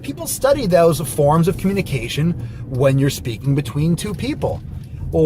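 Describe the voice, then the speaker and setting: A man talking to camera while driving, blunt and profane, and animated as he explains his ideas. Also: medium pitch. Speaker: fitness vlogger. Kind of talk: casual monologue while driving. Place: inside a car. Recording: faint car noise behind.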